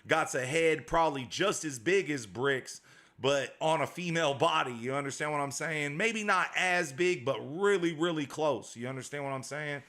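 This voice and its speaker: A man's voice: on the high side, moderate pace, bright, forceful tone. A man hosting a casual livestream as a dog breeder, reading out viewer comments in a slangy, repetitive way.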